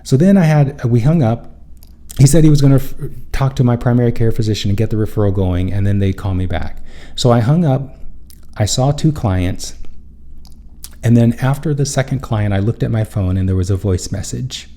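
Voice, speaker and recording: A man's voice: mid-range voice, normal speed, mellow. A man hosting a spiritual self-help show, telling a personal story in an earnest, rambling way and often correcting himself mid-sentence.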